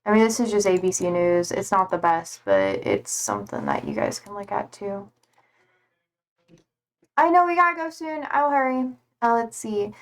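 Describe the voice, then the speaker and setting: A tired young woman livestreamer chatting casually, reading out viewer comments with lots of fillers and a slightly hoarse voice. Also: mid-range voice, big pitch swings, moderate pace. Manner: rambling, hesitant, many fillers and swear words.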